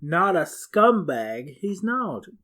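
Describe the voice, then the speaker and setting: A woman's voice: on the low side, sing-song, measured pace, fairly bright tone. A woman in her thirties co-hosting a podcast, retelling a film's plot in casual chat and laughing often. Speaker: podcast co-host.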